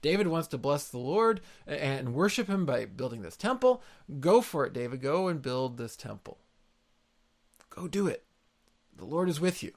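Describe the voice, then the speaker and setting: Earnest preacher man, gravelly voice. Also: on the high side, sing-song, moderate pace. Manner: earnest, repeats words for emphasis. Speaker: pastor. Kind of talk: expository sermon.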